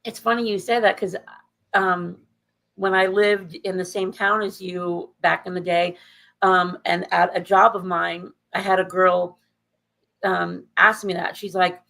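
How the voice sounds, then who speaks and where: A woman co-hosting a podcast, telling a story in an animated, sarcastic way. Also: fairly low pitch, measured pace, gravelly, rough recording. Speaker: podcast co-host. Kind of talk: casual podcast chat.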